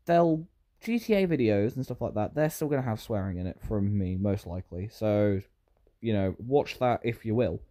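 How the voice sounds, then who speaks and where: A man's voice: lowish voice, animated, moderate pace, dark tone. A British man giving rambling, self-interrupting commentary while playing a game. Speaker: gaming YouTuber. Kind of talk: Minecraft gameplay commentary.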